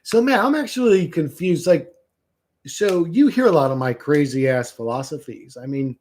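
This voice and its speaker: A man's voice: on the high side, expressive, normal speed, darkish tone. A man hosting a livestream, chatting casually with viewers in a rambling, profane, joking way. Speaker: livestream host. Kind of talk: casual chat reading viewer comments.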